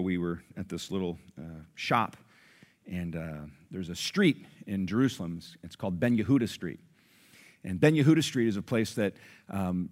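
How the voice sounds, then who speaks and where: A man delivers a sermon as pastor of his church. He tells stories in a low, relaxed voice and then rises into loud, high, emphatic peaks. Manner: dynamic preaching, swings from soft storytelling to loud emphatic peaks.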